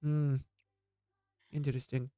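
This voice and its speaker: A game master voicing a seasoned male ranger who talks bluntly and briskly. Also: medium pitch, level tone, warm tone, slight background noise, voice pushed down, close to an everyday voice. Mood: wry.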